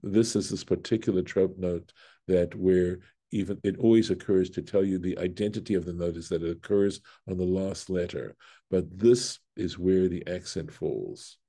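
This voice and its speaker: A man's voice: low-pitched, moderate pace, mellow. A man, a rabbi, teaching a Torah lesson, reading Hebrew aloud and explaining it step by step, with fillers and self-corrections. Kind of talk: Bible study lesson.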